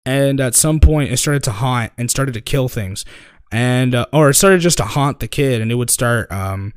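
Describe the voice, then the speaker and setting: A man's voice: mid-range voice, lively intonation, moderate pace, smooth, no room sound. Rambling young man telling stories, dry mic. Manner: rambling storyteller, swears casually, many fillers. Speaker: podcast co-host. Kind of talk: casual chat.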